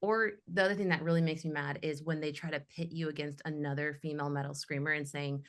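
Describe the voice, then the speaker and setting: A woman's voice: sits low, fairly even intonation, quick pace. A young woman who sings in a metal band, speaking passionately in a casual panel discussion and telling her stories with animation. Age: young adult. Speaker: guest, metal vocalist.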